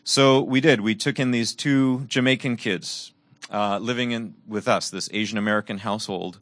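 A middle-aged man preaching a sermon and telling personal stories, earnest, moving between raised emphasis and soft, quiet reflection. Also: lowish voice, steady tone, moderate pace, no echo.

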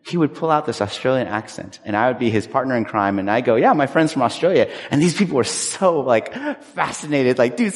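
Animated male pastor preaching in a hall. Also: mid-range voice. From Southern California. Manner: animated, conversational preaching with personal stories. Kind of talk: sermon. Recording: long reverb of a large hall.

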